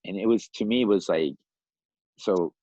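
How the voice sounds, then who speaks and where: A man in his fifties from Iran, a podcast guest telling his life story in a lively, animated way, often laughing and acting out the voices of other people. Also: low voice, moderate pace, no room sound, lo-fi sound. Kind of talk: casual storytelling.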